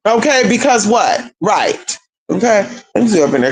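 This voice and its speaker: Animated, sassy storyteller man, high and lively. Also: moderate pace, rough recording. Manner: animated, profane, sassy, calls listeners girl and honey. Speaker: spiritual content creator. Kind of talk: casual storytelling to viewers.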